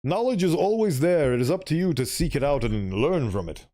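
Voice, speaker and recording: A man's voice: a little high, sing-song, a little fast, warm tone. A young man streaming, reading a visual novel aloud and rambling through commentary with chuckling, self-interrupting asides.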